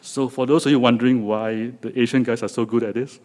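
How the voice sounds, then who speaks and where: A man's voice: medium pitch, steady tone, fast talker, a little mellow. A man with a Singaporean accent giving a joking, chatty talk to a live audience in a lecture hall, with many restarts. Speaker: guest speaker.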